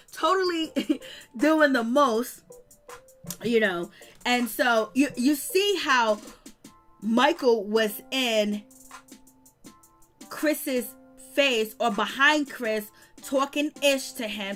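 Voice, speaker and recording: Blunt, high-voiced woman recapping drama. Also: sharp tone. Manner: blunt, slangy, scolding. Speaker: reality TV recap commentator. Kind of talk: casual commentary.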